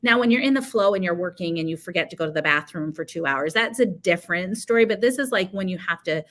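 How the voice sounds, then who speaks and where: A woman's voice: fairly low pitch, animated, quick pace, fairly bright tone. A woman speaking as a guest, explaining productivity tips in a chatty, conversational way with everyday examples. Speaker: guest speaker on teacher coaching. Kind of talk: conversational advice-giving.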